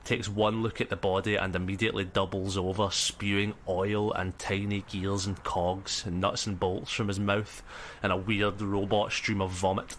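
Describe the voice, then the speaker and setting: A man's voice: sits low, little pitch movement, moderate pace, hardly any pauses, fairly bright tone, slight background noise. A man with a Scottish accent running a tabletop game as game master, talking in a hesitant way full of ums. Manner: hesitant, lots of ums and sort-ofs. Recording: music bed behind voice.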